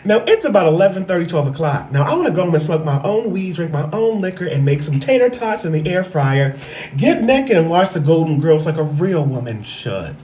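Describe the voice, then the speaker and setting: A sassy, foul-mouthed man in his thirties tells a stand-up story, circling back to repeat his best lines. His voice sits notably high. The sound rings around an echoey room. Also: sing-song, a little fast, warm tone. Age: 30s. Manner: sassy, profane, repeats punchlines. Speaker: stand-up comedian.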